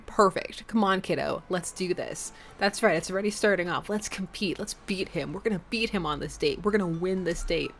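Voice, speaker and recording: A woman streamer chats and jokes while playing a dating game, reading its narration aloud as part of her let's-play commentary. Her lowish voice moves fairly quickly with hardly any pauses, and faint music plays behind her.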